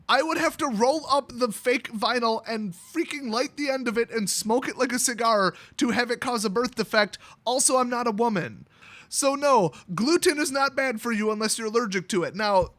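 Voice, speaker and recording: Sarcastic high-voiced man ranting. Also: bright, forceful tone. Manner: sarcastic, blunt and opinionated. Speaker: YouTube host. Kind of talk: ranting monologue.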